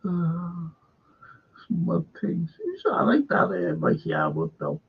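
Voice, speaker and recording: Raspy older Liverpool man, rambling. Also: high-pitched, huge pitch swings, takes it slowly. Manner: rambling anecdotes, sweary. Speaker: podcast host. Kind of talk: casual chat. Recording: dull lo-fi recording.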